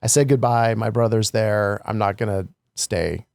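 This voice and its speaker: A man's voice: lowish voice, steady tone, normal speed, vocal fry, a little mellow, clear, resonant tone, dry recording, clean studio sound. A middle-aged man from California co-hosting a podcast, speaking in a reflective, rambling way in casual conversation. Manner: reflective, rambling, trailing phrases. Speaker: podcast co-host.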